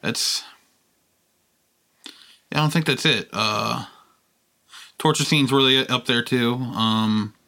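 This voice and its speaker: Young man, game master, bright forceful voice, rambling, swearing, lots of fillers. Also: mid-range voice, slow, long pauses. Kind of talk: casual chat about a tabletop campaign.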